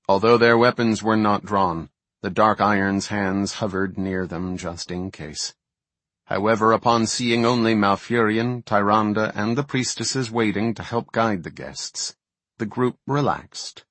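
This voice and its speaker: A man narrating a fantasy novel in a steady, even storytelling manner. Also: fairly low pitch, measured pace, dry recording. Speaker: audiobook narrator.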